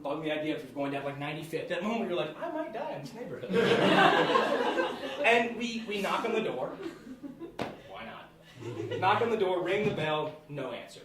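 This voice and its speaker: A young man in his twenties tells a personal story live on stage in a high, lively voice that leaps up and down. He laughs his way through lines and trips over his sentences. He is heard from a distance in an echoey hall with steady noise. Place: theatre stage at a live event. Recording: echoey hall from far off, noisy.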